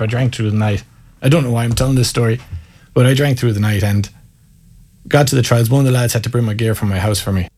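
A man's voice: mid-range voice, a little mellow, husky. A man with an Irish accent, a former Gaelic footballer telling wry, candid stories in an interview. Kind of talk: casual storytelling interview.

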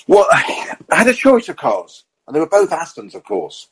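A middle-aged man and racing driver on a podcast, telling motorsport anecdotes in a lively way and acting out the quotes. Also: fairly high pitch, moderate pace, noisy background.

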